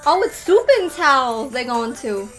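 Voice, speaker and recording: Young woman, casual reaction commentary, animated and exclamatory, higher voice, soft music underneath. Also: measured pace. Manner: animated, exclaiming and laughing at what she watches. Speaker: video reaction host. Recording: music playing behind her voice. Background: faint music.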